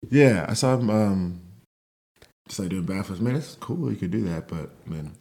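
A man chatting casually as a podcast guest, easygoing and soft-spoken, rambling with lots of fillers. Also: deep voice, lively intonation, normal speed. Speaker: guest fighter.

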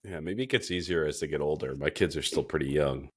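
Very deep-voiced man in his forties. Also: fast, husky. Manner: relaxed, swearing, storytelling. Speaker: podcast guest. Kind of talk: casual chat.

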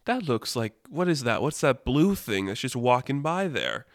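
A man voicing a greedy, grumpy old male cartoon duck, with no put-on accent, talking gruffly and defensively. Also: mid-range voice, big pitch swings, normal speed, no room sound, studio quality. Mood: puzzled.

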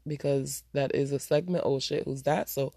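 A woman's voice: very deep voice, steady tone, normal speed, mellow, slightly rough, no echo, clean studio sound. A woman hosting her own podcast, talking bluntly and profanely in a casual solo rant, with a stuffy nose. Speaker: podcast host.

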